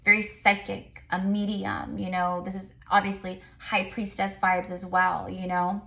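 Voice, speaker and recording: This tarot reader's mid-range voice is gravelly, fairly bright, and shows little pitch movement. She gives viewers a relaxed, rambling reading with many fillers and restarts, mentioning her fast way of talking.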